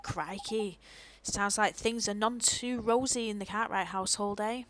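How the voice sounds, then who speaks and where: A woman's voice: medium pitch, measured pace, a bit bright, a little hiss or hum, close to an everyday voice. A woman doing a brash little fairy man. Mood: blunt. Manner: brash, blunt and slangy. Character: cheeky slangy little male fairy sidekick. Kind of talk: reading game dialogue in voices.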